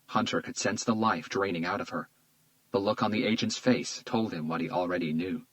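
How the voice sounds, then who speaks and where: A man narrating a crime thriller audiobook in a steady, measured read. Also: sits low, no room sound, poor audio. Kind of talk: scripted narration.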